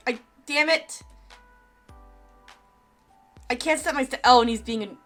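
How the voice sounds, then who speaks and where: A woman's voice: high voice, fast talker, hardly any pauses, fairly bright tone. A woman streamer casually commenting while she plays a game, joking crudely and laughing often. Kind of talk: let's play commentary. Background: faint game music.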